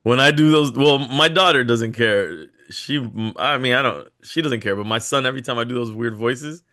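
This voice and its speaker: A man's voice: medium pitch, normal speed, pushed and bright. Dad podcast cohost guy, chill laid-back chat, regular mid voice. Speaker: podcast co-host. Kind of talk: casual chat.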